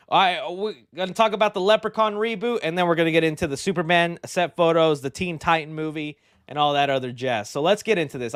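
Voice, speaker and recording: Man, host, casual movie news chat, excitable and slangy, high voice, dry close sound. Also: dry recording.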